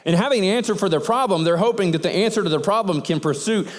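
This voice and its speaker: A man preaching a sermon, telling the story in an animated way and acting out the sailors' lines. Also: high-pitched, quick pace, long reverb tail. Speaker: pastor.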